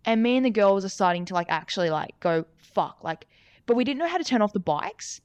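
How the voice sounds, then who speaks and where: A woman's voice: mid-range voice, lively intonation, fairly quick, smooth. A young woman co-hosting a podcast, telling a story in a rambling, casual way, swearing often and saying "like" constantly. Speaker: podcast co-host.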